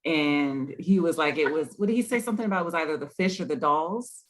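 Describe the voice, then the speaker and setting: Higher-voiced man asking questions. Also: fairly quick. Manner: asks questions, thinks aloud. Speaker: podcast co-host. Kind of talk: casual chat about a TV episode.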